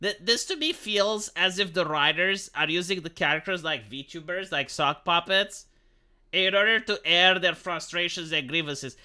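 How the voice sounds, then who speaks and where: Guy ranting on his stream, very bright sharp voice, swears a lot. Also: sits high, normal speed, clear, resonant tone. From Romania. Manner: profane, emphatic, sarcastic. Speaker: live streamer. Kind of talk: ranting live-stream commentary on a film.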